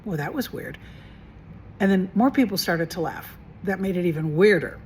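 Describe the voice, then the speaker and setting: Speaking straight to her viewers, a woman acting as a mentor and coach runs a casual self-help vlog, chatty and animated, posing rhetorical questions and repeating phrases for emphasis. Her voice is lowish and darkish at a normal pace, with a little hiss or hum.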